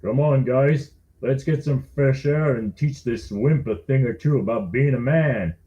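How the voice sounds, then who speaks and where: A man reading his thriller aloud, voicing a hulking, quiet male thug who speaks with menace. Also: mid-range voice, unhurried, lo-fi sound, close to an everyday voice. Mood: menacing. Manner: menacing, commanding. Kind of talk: audiobook reading.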